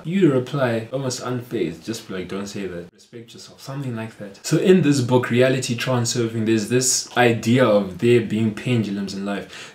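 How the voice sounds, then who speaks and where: Earnest man giving advice in an echoey room. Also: mid-range voice. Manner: earnest, steady, explanatory. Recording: roomy echo.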